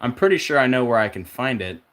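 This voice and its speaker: A man's voice: mid-range voice, lively intonation, a bit bright. Male vlog host, mid-range voice, rambling conspiratorial monologue full of fillers. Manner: rapid, listing numbers and links, conspiratorial; off-track, searching aloud with fillers. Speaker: numerology video host.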